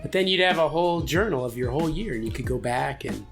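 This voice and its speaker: A man's voice: a little high, animated, fast talker, vocal fry, over music. A man co-hosting a comedy podcast, chatting casually and joking with his friend. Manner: easygoing, joking banter. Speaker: podcast co-host. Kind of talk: casual chat.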